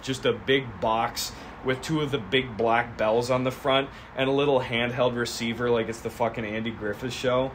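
A young man streaming from his garage, casually pitching a comedy sketch and acting out both sides of the scene. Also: slight background noise. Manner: animated, acts out both sides of the scene in quick voices.

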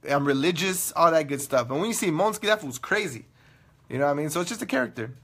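Loud, joking young man with a bright voice. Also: a little high, expressive, quick pace, slightly rough. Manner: loud, profane, joking, laughs often. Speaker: online radio show host. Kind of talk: casual live-stream chat with viewers.

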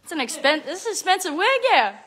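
Young woman, high voice, bright tone, giggly, chatty, phone livestream. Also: sing-song, fast. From Louisiana. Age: young adult. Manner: giggly, chatty, reads out fan comments. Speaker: reality show personality. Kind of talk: casual livestream chat with fans. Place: at home with family.

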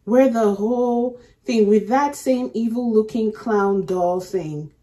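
High-voiced woman reacting to a film. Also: slow. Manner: expressive, talks back to the screen. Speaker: movie reaction host. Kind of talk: casual reaction commentary. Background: film audio playing.

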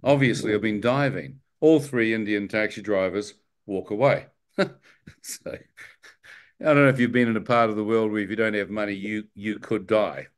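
A man with a New Zealand accent recounts a near-death story as a spoken testimony. He tells it like an animated storyteller, putting on voices for the people in it and laughing as he goes. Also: fairly low pitch, normal speed, clear, resonant tone. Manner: animated storyteller, acts out dialogue, laughs often. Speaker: guest telling his testimony.

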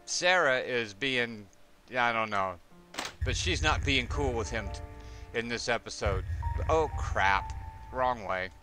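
A man's voice: mid-range voice, animated, slow, music in the background. A man hosting a gameplay video, chatting playfully as he plays. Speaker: gameplay host. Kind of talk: let's play commentary.

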